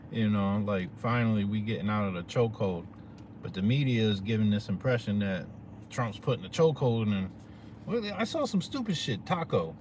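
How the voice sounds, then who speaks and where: A man's voice: fairly low pitch, moderate pace. Man ranting casually, faint traffic behind. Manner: animated, slangy, peppered with "you know what I'm saying". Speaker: vlogger. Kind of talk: casual profane rant to viewers.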